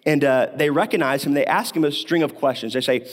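A man's voice: a little high, brisk. A man preaching a sermon, talking through a Bible passage in a conversational way with rhetorical questions, coughing now and then. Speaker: pastor.

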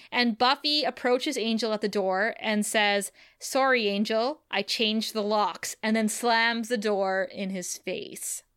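A woman co-hosting a casual podcast, recapping a TV episode with animated storytelling and acting out the characters' lines. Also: fairly high pitch, smooth. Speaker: podcast co-host.

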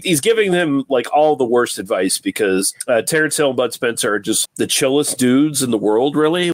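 A man's voice: medium pitch, no room sound. A man chatting casually about a film, rambling with lots of fillers, laughing and swearing.

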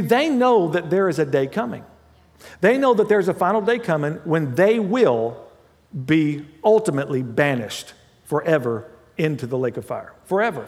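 In a large hall, a man preaches as pastor, talking through a scripture passage in an easygoing way with asides and rapid self-corrections. His pitch sits fairly high, though his tone is somewhat dark.

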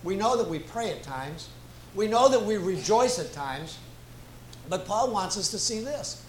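A man preaching as a guest pastor, slow and emphatic, repeating key phrases for weight. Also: sits high, lively intonation. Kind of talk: sermon. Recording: echoey room with faint ambient noise.

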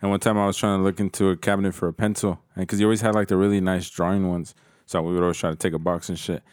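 A man's voice: deep voice, little pitch movement, very fast, a little mellow, smooth, dry recording, clean studio sound. A man casually telling a profane story to friends, laughing as he goes.

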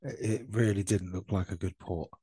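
A man's voice: low-pitched, fairly even intonation, normal speed, warm tone, slightly rough, dry recording. A man from England co-hosting a casual gaming podcast, jokey and prone to swearing, talking over a call. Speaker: podcast co-host. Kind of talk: casual banter. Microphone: remote call mic.

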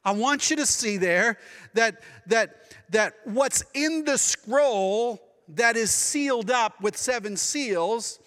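A man preaching a sermon as pastor, dramatic and expressive, now and then acting out the voices of people he quotes. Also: very high voice, slow pace, in a large hall. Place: church sanctuary.

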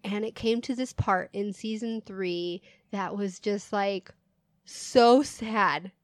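A young woman co-hosts a casual comedy chat podcast, telling stories and giggling often through them. Her medium-pitched voice is slow, and there is no echo.

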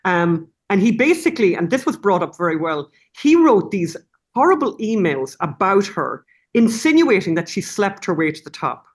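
Animated woman guest, rambling restarts. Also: mid-range voice, normal speed, breathy edge. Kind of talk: casual interview talk.

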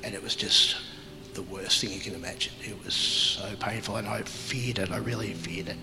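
A man telling his life story as an interview guest, halting and reflective, with many pauses and fillers. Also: on the low side, fairly even intonation, gravelly, big-room sound, loud music behind the voice, low-quality recording. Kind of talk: personal testimony in an interview.

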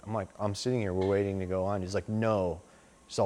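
A middle-aged man with a lowish voice, telling his stories casually in a loose, rambling flow. He drops "like" and "you know" all through his sentences. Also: fairly even intonation, fast talker, darkish tone. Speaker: interview guest. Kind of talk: casual storytelling.

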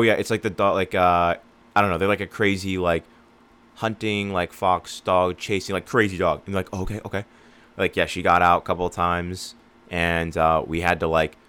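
Young male business coach, very low voice, casual and rambling, acts out customer calls. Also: a bit bright, clean tone. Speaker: lawn care business owner and coach. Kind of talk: casual advice monologue.

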